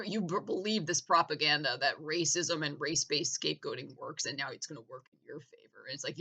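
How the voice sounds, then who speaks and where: A woman's voice: low-pitched, creaky, sharp tone, slightly rough, poor audio. A woman ranting in a vlog, sarcastic and mocking, swearing freely. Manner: sarcastic, mocking, profane, heated. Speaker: vlogger. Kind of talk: profane political rant.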